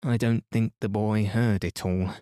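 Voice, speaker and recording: A man reading a classic children's story aloud as a calm, soothing bedtime narration. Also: fairly low pitch, a little slow, clear, resonant tone, no room sound, studio quality. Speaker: podcast host and reader.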